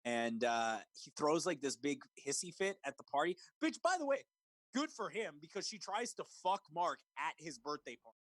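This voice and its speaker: A man co-hosting a casual movie podcast, talking over a remote call. His voice swings widely in pitch as he gets worked up, swearing and laughing. The sound is dry, with no room echo. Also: normal speed. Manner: animated, swearing, laughs, mimics lines. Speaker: podcast co-host. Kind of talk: casual movie review chat. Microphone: remote call recording.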